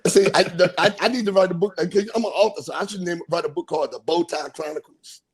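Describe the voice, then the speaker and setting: A podcast host telling a crude, animated story in casual chat, acting out the people he quotes. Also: high-pitched, a little fast, breathy edge.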